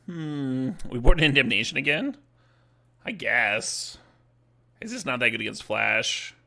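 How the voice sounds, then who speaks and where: During a card game live stream, a man mulls over his plays out loud, cursing casually and laughing often. He speaks at a measured pace in a gravelly, sharp, medium-pitched voice with lively intonation.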